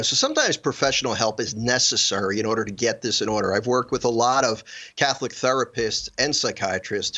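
Bright earnest man on a dull line. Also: mid-range voice. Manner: earnest, explanatory. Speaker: author guest. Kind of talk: radio interview.

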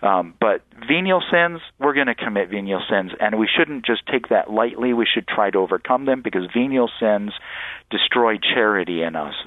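A man, a priest, explaining faith to callers on a radio show in an earnest, halting way. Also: fairly low pitch, dry recording. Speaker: priest guest. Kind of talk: radio call-in teaching on faith. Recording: tinny phone line, dry.

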